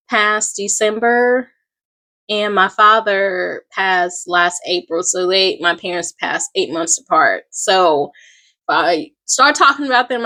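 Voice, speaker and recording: A middle-aged woman talks to her viewers in a relaxed, rambling vlog. She wanders between asides and fillers. Her voice sits at an ordinary, medium pitch. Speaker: small craft business owner. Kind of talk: casual personal vlog storytelling.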